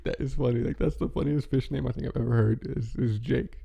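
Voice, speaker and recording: Male vlogger, casual rambling chat, very gravelly, dark and mellow. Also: mid-range voice, steady tone, highs cut off. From American Midwest. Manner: rambling, halting, with many fillers and restarts. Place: home, with his dog nearby.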